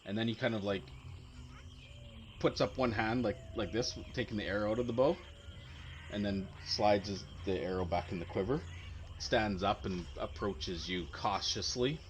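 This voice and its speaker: A man's voice: on the low side, normal speed, slight background noise. A man narrating as game master in a tabletop game, rambling with many fillers and restarts. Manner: rambling, full of likes and restarts.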